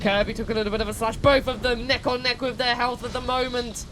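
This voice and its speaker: A woman co-hosting a stream, giving excitable sports-style play-by-play of a game fight. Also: on the high side, quick pace, background noise. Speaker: stream co-host and commentator. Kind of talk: live game commentary.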